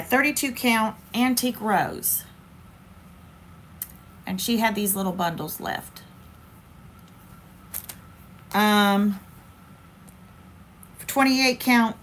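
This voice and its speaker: A woman's voice: fairly high pitch, a bit bright, slight background noise. A woman hosts a casual crafting livestream, chatty and playful, talking straight to her viewers.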